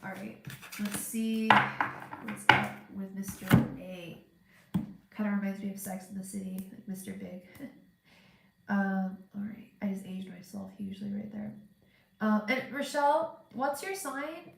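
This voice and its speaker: A woman's voice: medium pitch, a little slow, vocal fry, a bit bright, roomy sound. A woman with a stuffed-up, congested voice giving a live tarot reading, chatty and thinking aloud with lots of fillers and restarts. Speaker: tarot reader.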